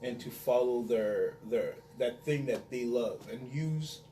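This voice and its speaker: A father weighs in slowly and thoughtfully during a casual podcast chat, his voice mid-pitched. It sounds roomy and distant from the mic, with faint ambience behind. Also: mellow, slight background noise. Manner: measured, reflective takes.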